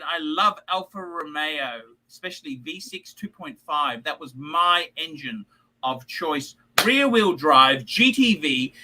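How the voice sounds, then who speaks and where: A man's voice: a little high, animated, takes it slowly, sharp tone, a little hiss or hum, rough recording. A middle-aged man hosting a livestream while drunk, rambling, swearing and getting emotional. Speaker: livestream host.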